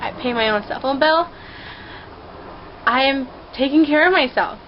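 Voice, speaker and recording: A woman's voice: high-pitched, normal speed, lo-fi sound, a little hiss or hum. Quirky woman vlogging from her room. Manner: quirky, rambling, playful and emotional. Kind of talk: casual heartfelt talk to camera. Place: her own rented room.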